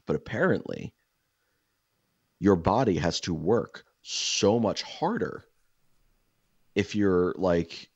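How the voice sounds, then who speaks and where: A man co-hosting a casual chat, telling rambling, profane anecdotes in an animated way. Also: deep voice, slow pace, long pauses, husky, no echo, highs cut off. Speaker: podcast co-host.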